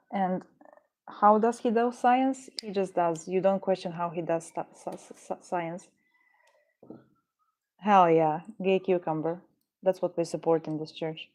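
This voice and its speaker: Rambling and tripping over her words, a female streamer jokes around casually with her live-stream audience through a headset or desk mic. Her voice is on the low side and slightly mellow.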